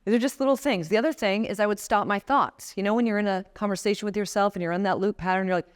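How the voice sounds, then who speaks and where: A woman in her forties speaks with a smooth, resonant voice at an everyday pitch, addressing a seated audience at a conference. She coaches them step by step through breathing and calming exercises in the tone of a motivational speaker. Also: fast talker, few pauses. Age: 40s. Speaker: guest speaker. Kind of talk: motivational talk to a live audience.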